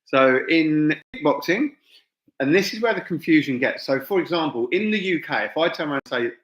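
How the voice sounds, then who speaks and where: A man's voice: fairly high pitch, lively intonation, brisk, fairly bright tone. A middle-aged English man, a fight promoter, chatting informally to viewers on a live stream, full of asides and fillers. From England. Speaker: fight promoter and gym owner. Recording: echoey dull room sound.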